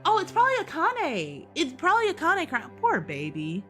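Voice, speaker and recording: A woman's voice: extremely high pitch, wildly swooping pitch, moderate pace, bright, forceful tone. A woman doing casual let's-play commentary, slangy and swearing, laughing often and talking back to the characters on screen. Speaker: gaming streamer. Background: game music.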